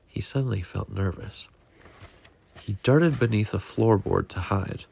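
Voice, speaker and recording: A man reading a picture book aloud to a child at home, in a gentle, unhurried storytelling manner. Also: lowish voice, animated, gravelly, breathy edge.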